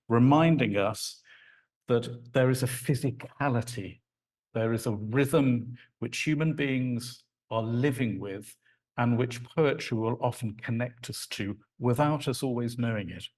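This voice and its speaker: A man giving a live lecture on poetry to an audience, talking in an animated, conversational way and acting out sounds and rhythms. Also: medium pitch, unhurried. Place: lecture hall.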